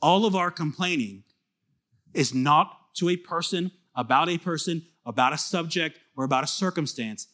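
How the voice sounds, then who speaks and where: Bright-voiced man preaching a lively sermon. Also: on the high side, normal speed. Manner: animated, conversational, acts out quoted voices. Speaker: pastor.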